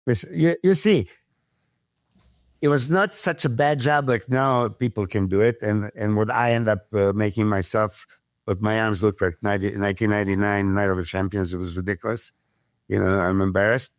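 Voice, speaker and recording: A man, a podcast guest telling stories in casual chat, animated, swearing freely and acting out what others said. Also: lowish voice, normal speed, dry recording, studio quality. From Serbia. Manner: animated storyteller who swears freely and acts out quotes. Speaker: podcast guest, former pro bodybuilder.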